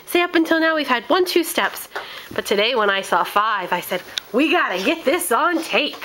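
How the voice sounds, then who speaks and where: Woman, home video mom: very high, lively sing-song baby talk, slow and drawn out, on a handheld camcorder. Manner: excited, sing-song, counts the baby's steps aloud. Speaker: mother filming her baby.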